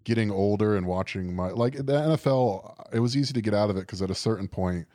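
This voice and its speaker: A man's voice: fairly low pitch, fast, dark tone, dry recording, clean studio sound. A young man chatting casually on a podcast, rambling and sardonic, swearing often and leaning on fillers. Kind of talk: casual chat.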